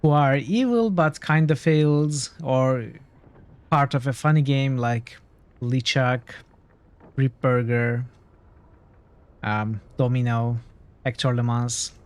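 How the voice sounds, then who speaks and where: A man's voice: mid-range voice, steady tone, takes it slowly, long pauses, clear, resonant tone. Casual man streaming a role-playing game. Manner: offhand, thinking aloud while playing. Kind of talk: casual game livestream commentary. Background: faint game music.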